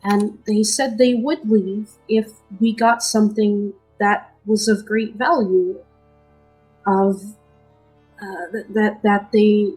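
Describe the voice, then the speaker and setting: A woman's voice: mid-range voice, fairly even intonation, slow, long pauses, slightly rough, soft background music, poor audio. Woman voicing a stammering nervous half-drow man. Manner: stammering, quiet, apologetic. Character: nervous young male half-drow rogue.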